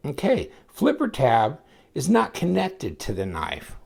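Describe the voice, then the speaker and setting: A man with a gravelly, fry-laden voice talks through a knife review in a loose, rambling way. He gets excitable and his pitch jumps around constantly as he shows the knife to his viewers. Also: slow, a little hiss or hum. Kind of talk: casual product review.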